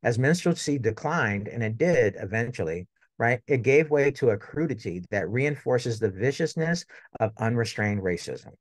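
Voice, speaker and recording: A man's voice: medium pitch, animated, moderate pace, no echo, clean studio sound. Conversational middle-aged male lecturer. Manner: conversational, tags points with "right?". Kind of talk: academic lecture.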